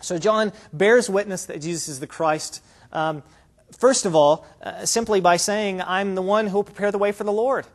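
A man's voice: high-pitched, moderate pace. A man preaching a sermon, explaining scripture in an earnest, emphatic way.

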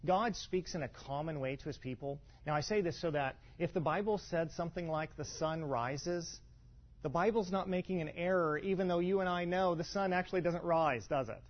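A pastor teaching a congregation in a loose, conversational way, full of fillers, restarts and rhetorical asides. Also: male voice, fairly high pitch, moderate pace. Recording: dull lo-fi sound.

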